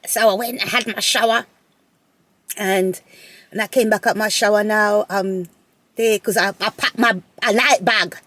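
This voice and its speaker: A woman telling a personal story to her viewers in a casual, animated way, often repeating phrases and laughing. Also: fairly high pitch, moderate pace, long pauses, no echo. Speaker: vlogger.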